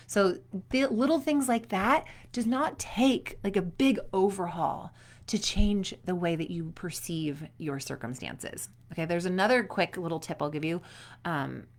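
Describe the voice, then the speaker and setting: A woman's voice: fairly low pitch, expressive, normal speed. A woman in her thirties, a performance coach, giving an upbeat, chatty motivational talk to young athletes and acting out little quotes along the way.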